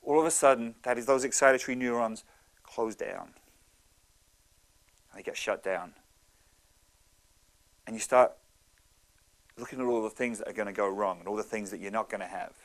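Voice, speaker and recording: Animated male storyteller giving a talk. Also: lowish voice, moderate pace, pauses often. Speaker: speaker.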